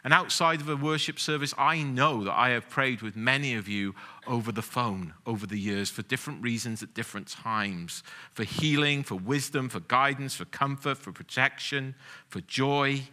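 Male pastor, forties, sermon, bright tone, conversational, humorous asides. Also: mid-range voice, moderate pace.

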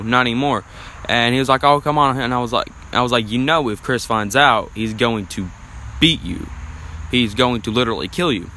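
Young man, bright tense voice, casual rambling storytelling, faint crickets behind. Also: mid-range voice, slight background noise, low-quality recording. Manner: rambling storytelling with many fillers. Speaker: podcast guest. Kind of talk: casual chat.

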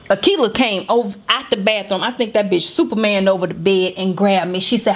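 A woman's voice: mid-range voice, brisk, few pauses. Blunt, profane woman storyteller. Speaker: podcast host. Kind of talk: comedic storytelling. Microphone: studio microphone.

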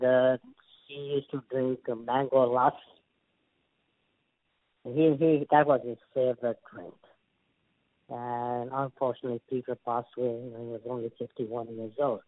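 An older man from India speaks with an Indian accent, spinning long stories about his acting career and stumbling over repeated words as he goes. His voice comes through a dry, narrow, phone-like line. He sits at a middling pitch for a man. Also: measured pace, long pauses, no echo. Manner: rambling, stammering restarts, animated anecdotes. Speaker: guest actor. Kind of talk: casual interview storytelling.

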